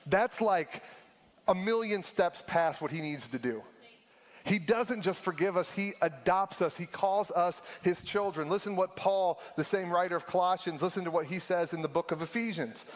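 A man, preaching a sermon in a casual storytelling way that slows down for emphasis. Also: high voice, big-room sound. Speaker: pastor.

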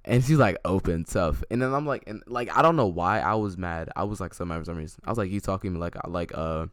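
A young man with a very deep, low voice rambles through a story in casual chat, restarting his sentences and voicing both sides of an argument. He sounds close and completely dry, with no room sound at all. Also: fast talker, no room sound. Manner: rambling, restarts often, acts out both sides of text exchanges.

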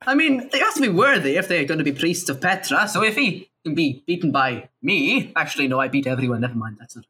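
A brash, foul-mouthed warrior paladin, voiced by a tabletop player in casual in-character role-play. The voice is bright and sharp. Its pitch swings widely as he brags and bristles. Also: animated, fast talker, husky. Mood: defensive. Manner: brash, swearing, laughing a lot. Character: brash male warrior paladin, blunt and crude.

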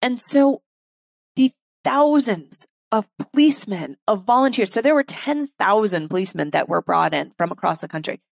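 A woman's voice: mid-range voice, animated, gravelly, no echo. Earnest woman podcaster, dry close sound. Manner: earnest, heartfelt, unhurried with many pauses; reads a poem aloud slowly and softly. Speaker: podcast host. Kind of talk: reflective solo podcast monologue. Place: London.

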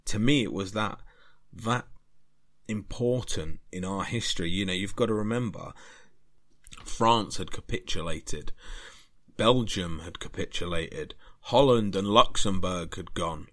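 Low-voiced man, podcast host. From Britain. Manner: earnest, rambling, grows more animated. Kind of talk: history podcast monologue.

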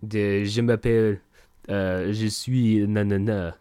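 A man's voice: on the low side, fairly even intonation, slow, dark tone, smooth, no echo, studio quality. A man putting on a hammy, exaggerated mock French accent, playing a stereotyped Frenchman. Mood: mock-pompous. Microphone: close desk mic.

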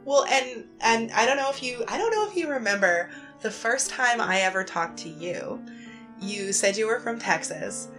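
A woman's voice: fairly high pitch, lively intonation, moderate pace, a bit bright. A Canadian woman hosting a podcast, chatting casually with lots of fillers and restarts, faint music behind. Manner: chatty, many fillers and restarts, laughs often. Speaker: podcast host. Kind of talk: casual conversation.

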